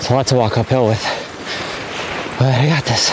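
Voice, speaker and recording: A man's voice: medium pitch, moderate pace, heavy background noise. A man streaming live from an open field, talking to himself, out of breath from running with a wing. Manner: breathless, excited self-talk while running a wing. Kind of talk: casual outdoor live-stream commentary. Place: open hilly field outdoors. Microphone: portable streaming rig.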